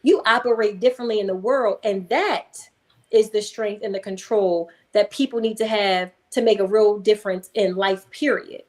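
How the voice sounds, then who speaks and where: A woman, a hypnotherapist, speaking as a guest in a conversational interview and telling a story in a calm, emphatic way. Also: medium pitch, moderate pace. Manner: calm, emphatic, acts out voices in anecdotes.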